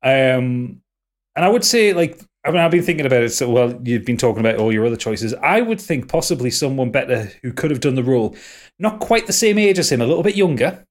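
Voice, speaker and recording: A man's voice: medium pitch, lively intonation, fairly quick. A man chatting casually about films on a podcast, rambling with lots of fillers and restarts. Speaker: podcast host. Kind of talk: casual film discussion.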